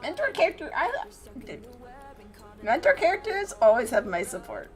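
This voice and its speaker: Animated young woman streamer, lively pitch. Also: unhurried, faint music behind. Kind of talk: casual rambling stream chat.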